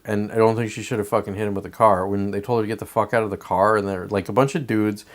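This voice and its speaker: A man's voice: lowish voice, fairly even intonation, fast, hardly any pauses. Profane, emphatic man ranting. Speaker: podcast host. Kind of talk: political commentary monologue.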